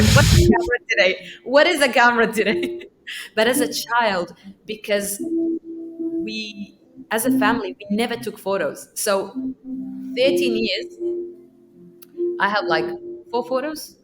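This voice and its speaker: A woman's voice: mid-range voice, rough recording. Kurdish-born woman telling her story. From Iraqi Kurdistan. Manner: lively, often repeats words as she restarts. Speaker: podcast guest. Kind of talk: personal storytelling.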